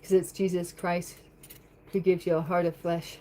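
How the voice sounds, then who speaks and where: A woman livestreams from her home at the kitchen sink, reading out comments from viewers and rambling through her replies. She speaks with a fairly low, warm voice, flat in delivery and at a moderate pace, on a rough recording.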